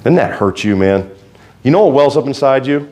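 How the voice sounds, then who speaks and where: A male pastor preaching a sermon in a fervent, folksy way, swinging between quiet asides and loud exhortation. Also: mid-range voice, expressive, normal speed.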